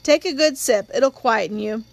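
A woman voicing a middle-aged man who talks to children in a relaxed, confiding, wry way. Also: on the high side, moderate pace, vocal fry, no echo.

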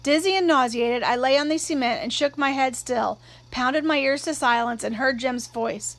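High-voiced woman reading a novel. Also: normal speed, few pauses, a bit bright. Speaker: audiobook narrator. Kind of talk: first-person novel reading.

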